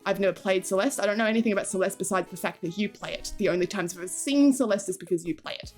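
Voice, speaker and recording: A woman's voice: medium pitch, rapid-fire, faint music behind. A young adult woman streaming live, chatting casually with her viewers, giggling often and swearing freely as she rambles.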